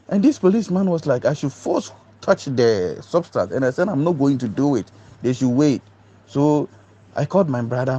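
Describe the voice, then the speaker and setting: A man, a doctor giving an emotional personal account, acting out other voices and stumbling over repeated words. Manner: animated storyteller, acts out other voices with big pitch jumps. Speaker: doctor recounting a police ordeal. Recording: muffled lo-fi recording.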